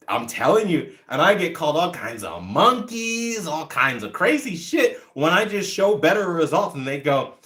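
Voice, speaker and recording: A man in his thirties hosts a casual livestream chat, answering viewers' comments in a blunt, profane rant. His medium-pitched voice is expressive and a bit bright, at normal speed.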